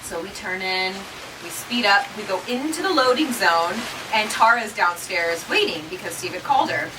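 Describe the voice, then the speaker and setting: A woman in her thirties, a podcast co-host, telling her birth story in casual chat, acting out quotes with lively flair. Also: mid-range voice, moderate pace, recorded from a distance, background noise. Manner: chatty, animated retelling with acted-out quotes.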